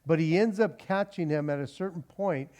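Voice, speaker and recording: A pastor teaching through a Bible passage in a conversational, animated sermon style, often restarting his phrases. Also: on the high side, normal speed. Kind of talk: expository sermon.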